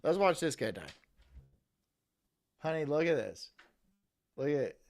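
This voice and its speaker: A man's voice: on the high side, lively intonation, measured pace. A man streaming live, reacting to clips with casual, profane commentary and frequent laughter. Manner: profane, laughs often, talks to his partner off mic.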